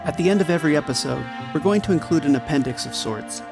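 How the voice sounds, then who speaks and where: A man with a gravelly, fry-tinged voice that sits slightly high for a man reads a sincere closing message. Music plays clearly beneath his voice. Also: animated, fast talker. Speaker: podcast co-host. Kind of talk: scripted outro announcement. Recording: music bed underneath.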